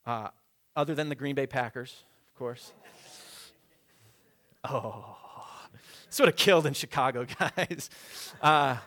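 A man's voice: mid-range voice, unhurried, pauses often, fairly bright tone. A young man preaching a sermon as a pastor, in a casual conversational way with frequent fillers. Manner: conversational, many fillers, leads congregation in repeating a verse.

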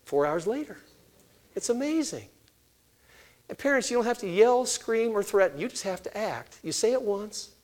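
An older man preaches on raising children in a lively storytelling way, slipping into other voices to act out each exchange. His voice sits a little higher than most men's. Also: normal speed. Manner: storytelling, acting out quoted exchanges with shifting voice. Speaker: speaker on family ministry. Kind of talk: sermon-style teaching talk.

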